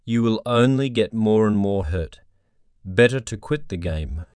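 A man reading a cruel, taunting inner voice in a cold, steady way, for an audio story. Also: lowish voice, measured pace, smooth, no echo, studio quality. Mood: bleak.

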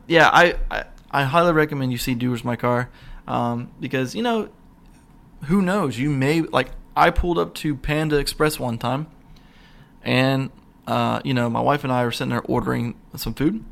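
A young man hosting his own podcast, rambling excitedly with lots of fillers and restarts. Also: mid-range voice, creaky. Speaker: podcast host. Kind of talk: casual solo podcast rant. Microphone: single mic, podcast.

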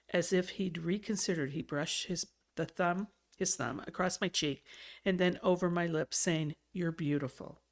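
A woman with a low, gravelly voice reads a novel aloud, expressive and steady, now and then fixing a slipped word. Between chapters she chats easily with a guest. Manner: expressive reader with small slips and self-corrections. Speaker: podcast host reading a novel aloud. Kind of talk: audiobook-style reading, then casual chat.

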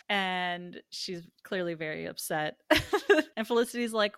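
A woman's voice: on the low side, unhurried, a bit bright, clear, resonant tone, no echo, clean studio sound. A woman co-hosting a casual podcast, retelling a TV episode with laughs and putting on the characters' lines. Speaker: podcast co-host recapping a TV episode. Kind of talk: casual chat.

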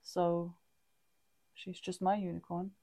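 A woman's voice: on the low side, level tone, warm tone, no echo, clean studio sound. A woman co-hosting a podcast, talking candidly and reflectively in casual chat, often restarting her sentences. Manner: halting, frequent restarts and fillers; open and reflective. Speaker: podcast co-host.

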